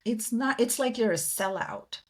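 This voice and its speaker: A woman from India, a guest in an interview, telling stories in an animated way and acting out the voices of people she quotes. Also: on the high side, unhurried. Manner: animated storyteller who acts out quoted voices. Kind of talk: conversational interview.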